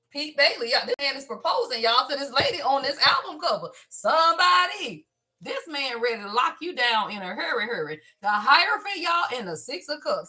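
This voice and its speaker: Woman, tarot reader, high lively voice, profane, hype energy. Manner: excitable, profane, laughs and exclaims often; talks straight to viewers as y'all. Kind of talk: casual tarot reading to camera.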